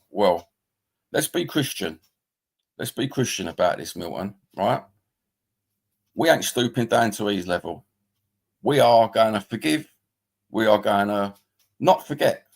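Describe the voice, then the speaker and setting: A middle-aged man with a London accent hosts his live stream in a rambling, heated rant, swearing freely. His voice sits low and has a gravelly rasp to it. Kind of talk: ranting live-stream chat.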